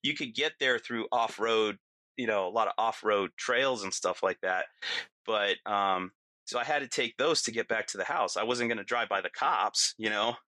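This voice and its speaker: A middle-aged man talking as a podcast guest, his voice bright and forward, recorded close and dry with no room around it. He tells his story in loose, animated chat, laughing as he goes and playing out the lines of the people in it. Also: fairly low pitch, normal speed, no room sound. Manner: animated, acts out quotes, laughs often. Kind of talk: casual storytelling.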